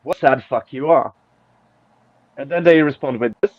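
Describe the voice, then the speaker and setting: A man's voice: mid-range voice, moderate pace, dry recording. A man hosting a casual podcast chat, mocking and swearing as he reads out an online argument. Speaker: podcast host. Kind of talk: casual chat, reading out tweets. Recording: dull lo-fi, dry.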